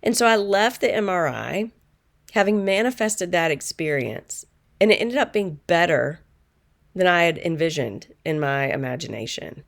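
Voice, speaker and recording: A middle-aged woman with a notably low voice tells a personal story in a calm, earnest way. She sounds reflective, like a coach sharing something she learned. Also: moderate pace, vocal fry. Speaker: manifestation coach.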